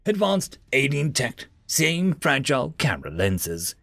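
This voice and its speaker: Gravelly, lively male story narrator. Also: mid-range voice, a little slow, no room sound, clean studio sound. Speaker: story narrator, channel host. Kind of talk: reading Reddit sci-fi story aloud.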